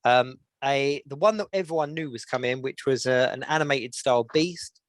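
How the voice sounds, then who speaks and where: A man co-hosting a podcast, chatting casually and listing news with many pauses. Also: medium pitch, dry recording. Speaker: podcast co-host. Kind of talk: casual chat.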